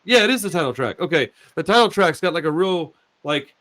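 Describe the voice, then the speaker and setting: A man's voice: a little high, brisk. Laid-back man hosting a podcast chat. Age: 40s. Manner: laid-back, says dude and bro a lot, repeats words; animated storyteller. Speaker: podcast host. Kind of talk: casual chat.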